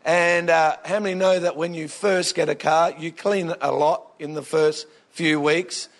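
Australian man, pastor, high voice, animated jokey sermon storytelling. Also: unhurried. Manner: animated, jokey, swings into bursts of excitement.

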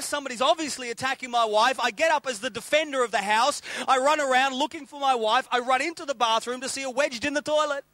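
A middle-aged man from England, raised in Australia, preaching a sermon in an animated storytelling way and repeating phrases for emphasis. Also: very high-pitched, no echo.

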